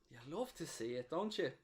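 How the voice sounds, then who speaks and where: A man hosting a live football watchalong, cheering, gloating and reading out viewer messages. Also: a little high. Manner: excitable, cheering and gloating, reading chat aloud. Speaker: watchalong host. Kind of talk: live match watchalong commentary.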